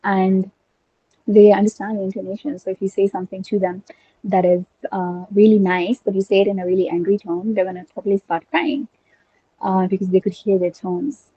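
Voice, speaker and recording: A woman's voice: medium pitch, level tone, fairly quick, breathy edge, dull audio. A young woman whose first language is Urdu, talking eagerly in casual conversation and thinking aloud with many fillers and restarts. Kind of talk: casual conversation about linguistics.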